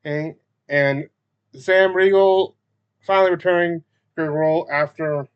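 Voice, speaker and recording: A man talks through a show recap in a casual, hesitant way, stopping and restarting often. His voice sits a little high, and the recording sounds dull and lo-fi. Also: fairly even intonation, unhurried, clean tone. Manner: hesitant, many fillers and restarts. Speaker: recap video host.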